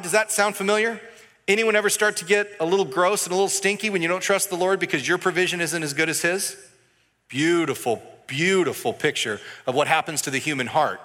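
A man preaching a sermon with a bright, fairly high voice. He talks in a loose, conversational way and slips into acted-out dialogue. His voice rings with the long reverb of a hall. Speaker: pastor.

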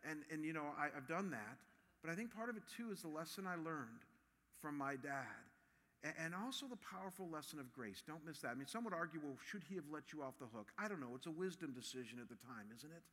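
Man in his fifties, pastor, lively storytelling sermon, sharp bright voice, long hall reverb. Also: a little high, fast. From Ohio, USA. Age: 50s. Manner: storytelling, animated and personal.

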